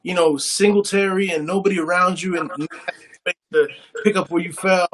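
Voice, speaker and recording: A man's voice: high-pitched, steady tone, normal speed, a crowd in the background. A man hosting a casual podcast interview, enthusiastic and encouraging, often repeating his phrases. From Puerto Rican and Cuban heritage. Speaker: podcast host.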